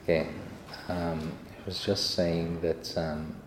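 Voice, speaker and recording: A man's voice: deep voice, little pitch movement, slow, noisy background. A man answering questions after a sermon, telling rambling stories with laughter, recorded in an echoey hall. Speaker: church speaker.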